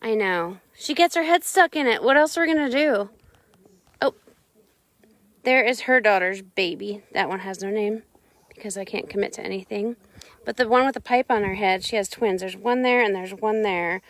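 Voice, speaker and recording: A woman's voice: mid-range voice, normal speed, a bit bright. Chatty woman streaming from her ranch. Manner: chatty, talks sweetly to animals. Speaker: ranch owner streaming live. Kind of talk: casual live-stream chat. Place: outdoors on a ranch yard.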